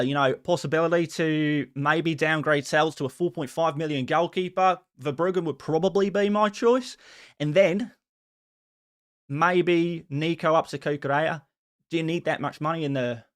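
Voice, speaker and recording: A man's voice: a little high, fairly bright tone, natural voice. Man putting on a jokey Australian bloke. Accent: put-on Australian. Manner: breezy, slangy, matey.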